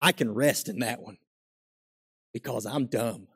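A man preaching a sermon as pastor, swinging from quiet asides to loud, emphatic exclamations. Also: mid-range voice, slow pace, breathy edge.

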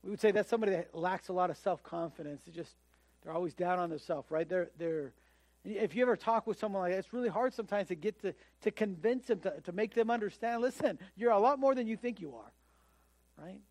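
A man's voice: high-pitched, fast talker, a little mellow, dry recording. A man preaching a sermon in a conversational way, often acting out the voices of the people he quotes. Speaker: pastor.

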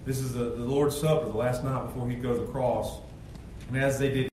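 A man preaching a sermon, swinging between shouted intensity and quiet, low asides. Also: fairly even intonation, fairly quick. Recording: very echoey, distant from the mic, faint noise.

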